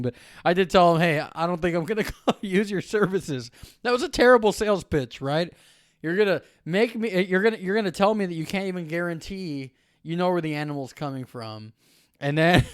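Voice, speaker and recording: Smooth-voiced man telling a devotional story. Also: fairly high pitch. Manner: storytelling, animated and laughing. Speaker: preacher. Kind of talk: devotional talk.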